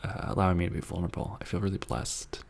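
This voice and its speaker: Hosting an ASMR live chat, a man with a deep, gravelly voice reads viewer messages and talks softly, fast and with fairly even intonation. His answers ramble in a tender, earnest way, sometimes slipping into a whisper. A faint hiss runs beneath his voice.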